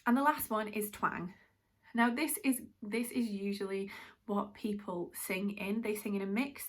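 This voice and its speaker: A woman's voice: mid-range voice, fairly bright tone. A woman from Britain, teaching a musical theatre masterclass in a chatty, explanatory way. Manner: chatty, explanatory, self-aware. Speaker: drama teacher.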